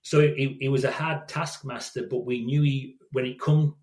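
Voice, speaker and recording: A man's voice: medium pitch, steady tone, normal speed, darkish tone, slight background noise. A man in his sixties, a safety consultant, telling stories as an interview guest in a rambling way, restarting and repeating words. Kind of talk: storytelling in casual interview. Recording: echoey room.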